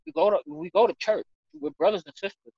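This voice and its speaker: Man, high voice, emotional, earnest, halting restarts, dry dull recording. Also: sing-song, creaky, slightly rough, no room sound. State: emotional, near tears. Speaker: church member sharing his story. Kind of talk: emotional personal testimony.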